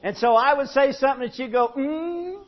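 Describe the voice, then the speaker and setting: A male pastor telling a folksy story in a sermon, swinging from hushed to loud. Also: extremely high pitch, level tone, quick pace, background noise. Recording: muffled lo-fi sermon recording.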